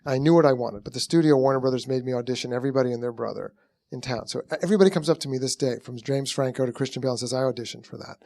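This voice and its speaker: A man's voice: medium pitch, rapid-fire, vocal fry, no room sound. A man, a film director, telling rambling anecdotes in an onstage conversation and acting out what people said. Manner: rambling, animated storytelling with acted-out quotes; frequent restarts and "you know".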